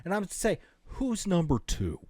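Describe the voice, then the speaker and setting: A man co-hosting a comedy podcast, rambling through crude jokes. His voice is lively and swings widely in pitch, sitting a little high. The recording is dry and close. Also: moderate pace, dry recording. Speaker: podcast co-host. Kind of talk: casual comedic banter.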